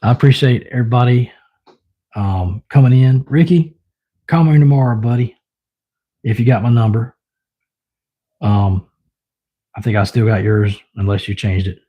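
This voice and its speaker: A man's voice: mid-range voice, normal speed, pauses often, lo-fi sound. A man livestreaming, casually telling a rambling story, chuckling often and mimicking his pets.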